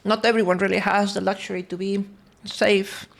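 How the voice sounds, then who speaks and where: A woman's voice: medium pitch, flat delivery, moderate pace, creaky. Woman, livestream chat, chatty, laughs a lot, talking with food in her mouth. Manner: chatty, laughs often, greets chat between stories; talking while eating. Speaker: streamer.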